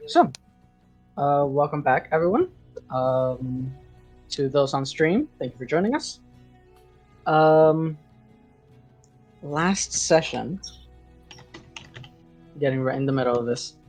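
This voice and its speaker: A man's voice: on the high side, animated, takes it slowly, long pauses, a little mellow. Male GM, casual stop-start recap voice, faint background music. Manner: hesitant, filler-heavy recap. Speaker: game master. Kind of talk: recapping a tabletop game session.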